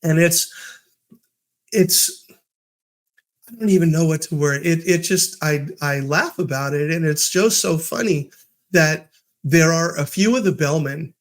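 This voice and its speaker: A man's voice: a little high, takes it slowly, pauses often. A man hosting his own podcast, giving a casual, upbeat motivational talk and telling stories with fillers and restarts. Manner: upbeat, storytelling with acted quotes. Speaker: podcast host.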